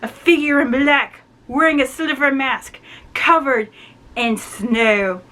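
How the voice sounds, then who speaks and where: A woman chatting through a book review, animated and full of "like" and "you know". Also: high-pitched, takes it slowly, rough recording. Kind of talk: casual book review vlog.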